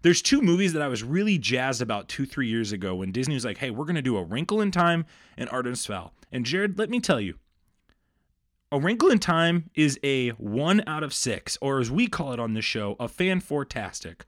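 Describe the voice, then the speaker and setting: A man co-hosting a casual podcast, ranting with animated frustration about news and movies. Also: mid-range voice, a little fast, no room sound, studio quality. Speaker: podcast co-host. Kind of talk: casual chat.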